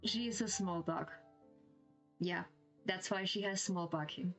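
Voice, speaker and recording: A woman's voice: on the low side, a little slow, a bit bright, faint music behind, rough recording. A woman streamer with a German accent who reads a game story aloud and reacts with giggly, gushing comments.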